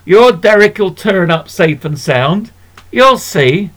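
A man's voice: high-pitched, animated, slow pace, a bit bright, voice pushed up, exaggerated voice. A man doing a hearty shopkeeper woman. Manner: hearty, reassuring. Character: motherly working-class shopkeeper woman, cheerful.

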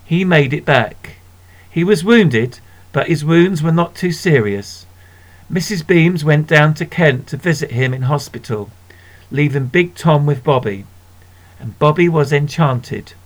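A man narrating a children's story in a measured, gentle way. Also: on the high side, lively intonation. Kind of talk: storybook reading.

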